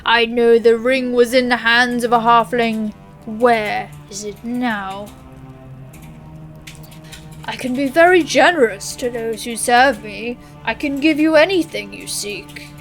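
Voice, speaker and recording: A woman voicing a commanding, silkily persuasive old man who speaks in a slow, measured way. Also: fairly high pitch, faint music behind.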